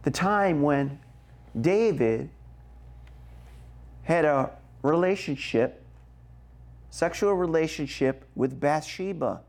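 A man preaching a sermon, slow and emphatic, checking in with the congregation as he goes. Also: a little high, animated. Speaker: pastor.

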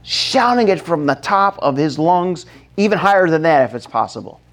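A man preaching a sermon, telling a Bible story dramatically, dropping to a hush and then acting out shouts. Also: on the high side, lively intonation, moderate pace. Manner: dramatic, acts out the scene, shifts from hushed to shouting. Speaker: pastor.

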